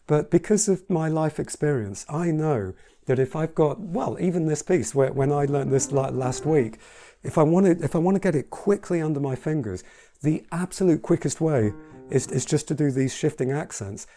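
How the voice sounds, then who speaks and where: Chatty male piano teacher, mellow voice. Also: on the high side, animated, normal speed. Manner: chatty, reassuring, demonstrates at the keyboard while talking. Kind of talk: casual piano tutorial. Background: piano playing.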